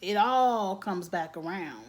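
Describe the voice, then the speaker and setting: A woman's voice: medium pitch, lively intonation, slow pace. A woman giving a casual, blunt TV episode recap, acting out characters' lines with lots of slang. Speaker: TV recap vlogger.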